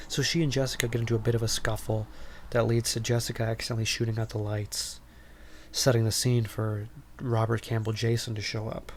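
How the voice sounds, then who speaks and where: A man's voice: medium pitch, level tone, fairly quick, a little hiss or hum. A man hosting a podcast, recapping a film in a casual, rambling way with lots of ums and wry asides. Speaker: podcast host.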